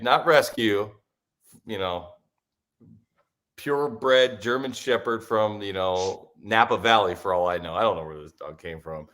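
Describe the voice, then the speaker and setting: A man's voice: mid-range voice, a bit bright. A man co-hosting a podcast, telling stories in a laid-back, chuckling way. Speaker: podcast co-host. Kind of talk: casual podcast chat.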